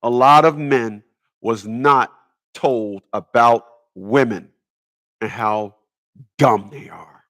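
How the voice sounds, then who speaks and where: A man's voice: mid-range voice, slow, long pauses, fairly bright tone. A man ranting in a rambling comedic monologue, stammering and repeating words as he goes. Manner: stammers and repeats words, laughs at own jokes. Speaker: vlogger.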